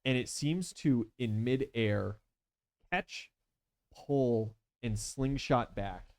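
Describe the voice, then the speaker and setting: A man's voice: medium pitch, drawn-out words, a little mellow, dry recording. A man narrating as game master in a tabletop game, casual and chatty with lots of fillers.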